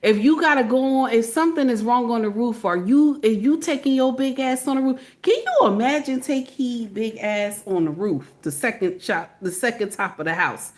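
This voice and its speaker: A woman hosting a reaction video, talking in a loud, theatrical way with frequent swearing and laughter. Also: high-pitched, animated, moderate pace. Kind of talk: animated reaction commentary.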